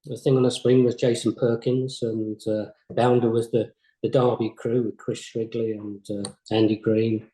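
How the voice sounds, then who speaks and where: A man's voice: medium pitch, little pitch movement, normal speed, mellow. Hesitant older man in an echoey room. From England. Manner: hesitant, repeats words, modest. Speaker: former games company CEO, interview guest. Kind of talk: reflective interview chat. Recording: roomy echo.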